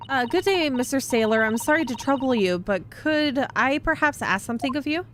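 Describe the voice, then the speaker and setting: A woman's voice: sits high, expressive, moderate pace, a little hiss or hum. A woman voicing an earnest young man who speaks politely, hesitantly and formally. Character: polite, earnest young male law student.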